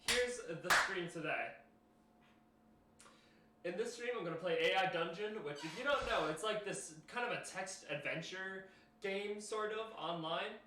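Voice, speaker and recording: A man's voice: high-pitched, measured pace. A young man streaming live, chatting casually with viewers in a rambling way full of fillers. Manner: rambling, many fillers and restarts, addressing chat. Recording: roomy echo with faint noise.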